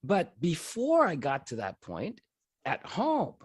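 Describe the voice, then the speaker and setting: A man telling a personal story in an animated way, often breaking into laughter. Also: on the high side, slow pace, breathy edge, no room sound, studio quality. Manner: lively, animated delivery.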